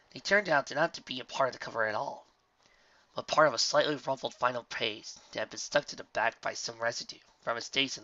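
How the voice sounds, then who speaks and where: Man narrator, expressive storybook reader, dry lo-fi sound. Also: mid-range voice, no echo. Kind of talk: fan fiction audiobook narration.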